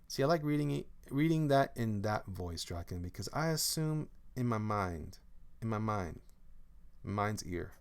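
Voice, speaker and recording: A man's voice: lowish voice, lively intonation, unhurried, creaky, clean tone. A man, a comic artist, chatting casually on a live stream while drawing, reading viewer comments aloud and breaking into hummed song snippets. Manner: playful, reads chat aloud, hums and sings snippets.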